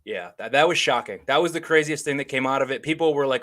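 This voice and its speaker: A man's voice: medium pitch, quick pace, fairly bright tone. A man co-hosting a casual sports podcast, bantering with profanity and frequent laughter. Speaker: podcast co-host.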